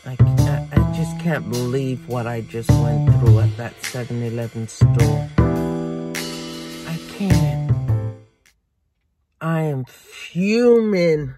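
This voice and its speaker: A woman's voice: a bass voice, takes it slowly, over loud music. An actress playing a fed-up working woman who rants indignantly and profanely to a friend on the phone. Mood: exasperated. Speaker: caller venting to a friend. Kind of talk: low-budget drama monologue.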